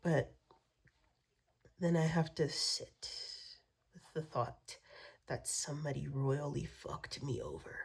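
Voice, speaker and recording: A vlogger with a low, gravelly, husky voice vents in a rambling rant, speaking slowly and pausing often. She swears a lot, repeats herself, and drops into whispers.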